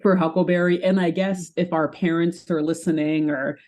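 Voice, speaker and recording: A woman's voice: on the low side, steady tone, normal speed, a little mellow. A young adult woman co-hosting a podcast in casual chat, talking chattily with lots of fillers and frequent laughs. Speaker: podcast co-host.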